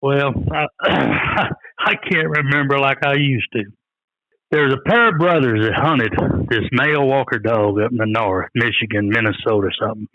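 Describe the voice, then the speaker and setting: A man's voice: medium pitch, normal speed, lo-fi sound. An older man telling rambling, folksy stories in an interview, often quoting what others said. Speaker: guest, coon hunter. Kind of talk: storytelling in an interview.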